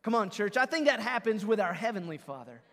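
A man in his thirties, a pastor preaching a conversational, energetic sermon and calling out to his congregation. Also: high-pitched, a little fast, in a large hall. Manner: energetic, conversational preaching with audience call-outs. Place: church sanctuary.

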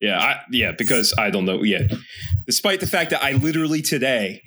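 Loud, lively Philadelphia-accented man. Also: medium pitch, fairly quick. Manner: loud, profane, ranting. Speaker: podcast co-host; teacher. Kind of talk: casual chat.

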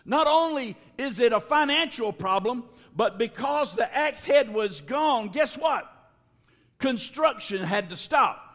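High-voiced man preaching slowly in a hall. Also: animated. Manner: slow preaching with sudden shouts and drawn-out words. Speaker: pastor. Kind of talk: sermon. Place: church sanctuary. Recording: long reverb of a large hall.

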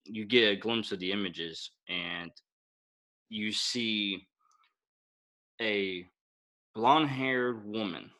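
A man acting as game master, explaining rules and narrating scenes in a relaxed way with many fillers. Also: on the low side, takes it slowly, long pauses.

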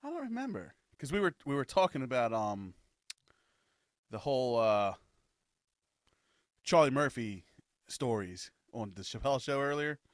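A man's voice: medium pitch, big pitch swings, normal speed, long pauses, no echo, clean studio sound. A man co-hosting a casual podcast, swearing freely and laughing as he quotes comedy sketches. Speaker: podcast co-host.

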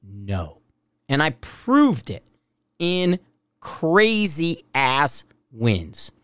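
A man's voice: fairly high pitch, huge pitch swings, very slow, fairly bright tone, smooth, dry recording, clean studio sound. A man hosting a podcast as a shooting instructor, talking in a blunt, rambling, profane way. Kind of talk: casual rambling podcast monologue.

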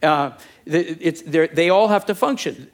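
A man's voice: a little high, normal speed. A man delivering a sermon as pastor, in a conversational preaching manner with jokes and asides.

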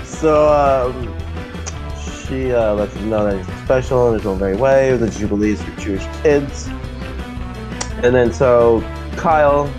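A podcast co-host casually recapping a cartoon episode, reading slowly and hesitantly with fillers. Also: mid-range voice, over music.

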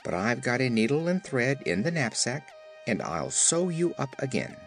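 A man voicing a practical, kind little girl who speaks calmly and helpfully. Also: medium pitch, normal speed, soft background music.

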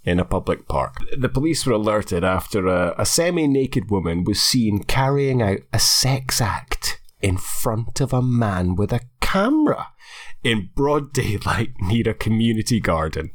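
Male co-host, low and animated, dry sarcastic humour. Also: unhurried. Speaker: podcast co-host. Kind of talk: casual chat.

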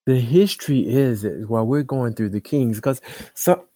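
A man preaching with big swings in pitch and volume, rising to booming, drawn-out lines and dropping to hushed asides. He repeats himself and restarts sentences as he goes. The recording is close and dry. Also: expressive, no room sound. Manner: repeats words and restarts often. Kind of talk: sermon.

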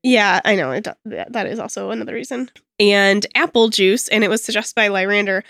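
A woman's voice: medium pitch, fairly quick, gravelly, a bit bright, dry recording, studio quality. A woman player getting over a cold, chatting casually and giggling at a tabletop game podcast.

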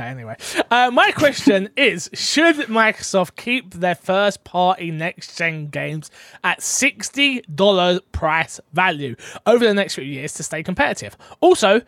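A man's voice: sits high, fairly bright tone, no room sound, studio quality. A man co-hosting a casual podcast, rambling and teasing, often restarting his sentences. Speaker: podcast co-host. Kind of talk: casual chat.

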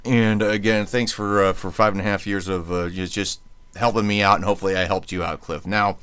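Man, podcast host, casual rambling chat, lots of fillers, lowish voice, dry sound. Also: fairly even intonation, a little fast, a bit bright, clear, resonant tone, dry recording. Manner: rambling storyteller with many fillers, mimics voices. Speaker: podcast host, former radio worker.

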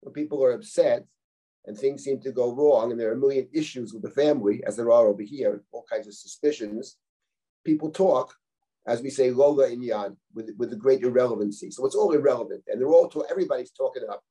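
Rabbi teaching scripture, middle-aged man, dark low-toned voice, talks it through like a chat, reads and translates Hebrew lines. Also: brisk, slightly rough. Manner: reads Hebrew verses aloud and translates them line by line; conversational, explanatory, with rhetorical questions. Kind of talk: live text-study lecture.

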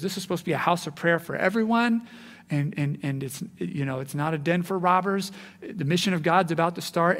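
A man preaching a sermon in an animated way, acting out the voices he quotes. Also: fairly high pitch, big-room sound. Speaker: pastor.

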